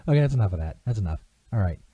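A man's voice: fairly low pitch, animated, quick pace, warm tone, dull audio, slight background noise. Laid-back man hosting live radio. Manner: laid-back, laughing, profane teasing. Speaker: radio host. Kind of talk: live radio comedy banter. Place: radio studio.

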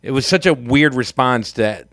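A man's voice: medium pitch, animated, normal speed, fairly bright tone, no echo, studio quality. A man co-hosting a podcast, chatting casually, telling loose stories and swearing freely. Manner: loose, storytelling, swears freely, laughs often. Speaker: podcast co-host. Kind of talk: casual chat.

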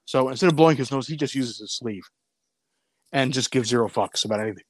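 A man co-hosting a podcast, telling a story in a casual, animated way, cursing freely and acting out what people said. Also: medium pitch, fast, slight background noise. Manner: animated, profane, acts out voices in his story. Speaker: podcast co-host.

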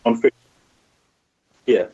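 A man's voice: slow, warm tone, lo-fi sound. A man co-hosting a casual podcast, talking in a laid-back, meandering way and unsure of his facts. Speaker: podcast co-host.

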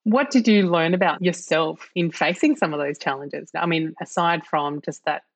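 A woman's voice: low voice, normal speed. A woman hosting a podcast, asking thoughtful, probing questions. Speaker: podcast host. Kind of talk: reflective interview questions.

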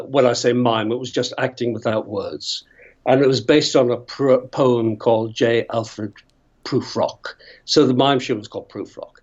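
A man's voice: mid-range voice, darkish tone, dull audio. An older man from Northern Ireland, an actor telling long, rambling stories with many tangents and chuckles. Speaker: actor guest. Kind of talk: storytelling interview.

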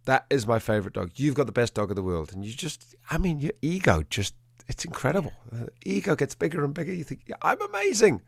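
A man, a dog trainer, telling a story in an animated way and acting out the quotes in a changing voice. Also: mid-range voice, fast, gravelly, few pauses, slightly rough, no echo. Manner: animated, acts out quotes in a shifting voice. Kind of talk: conversational storytelling.

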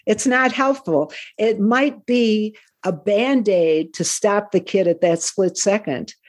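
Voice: medium pitch, slow pace. A guest talking casually and giving explanatory parenting advice. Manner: advising, explanatory. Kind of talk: casual conversation.

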